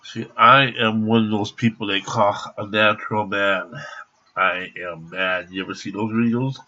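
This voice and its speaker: A man's voice: lowish voice, fairly even intonation, normal speed, sharp tone. A man vlogging from home by his computer, rambling, repeating himself and swearing freely, in a dull lo-fi recording. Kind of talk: rambling casual vlog.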